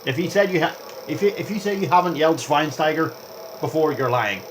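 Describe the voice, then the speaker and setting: A young man rambling through gameplay commentary as a vlogger, chatty and excitable, jumping between topics and reacting aloud to the game. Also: on the high side, a little fast, a little hiss or hum. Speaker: gaming vlogger.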